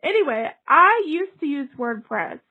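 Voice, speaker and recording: A woman with a high voice co-hosts a casual podcast, chatty and quick to giggle. She talks through her points loosely, trailing off and laughing along the way. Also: sing-song, phone-quality sound. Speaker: podcast co-host. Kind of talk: casual chat.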